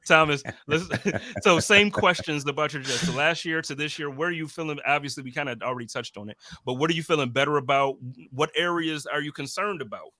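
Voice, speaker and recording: Bright, teasing male podcast host. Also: a little high, dry recording, clean studio sound. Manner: animated, teasing, quick to laugh. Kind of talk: casual sports podcast chat.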